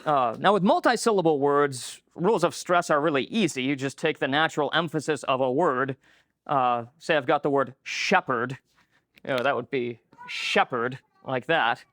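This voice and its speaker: A man's voice: fairly high pitch, moderate pace, fairly bright tone, no room sound, clean studio sound. A man giving a conference lecture in a conversational way, with many filler words. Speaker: conference speaker. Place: lecture room.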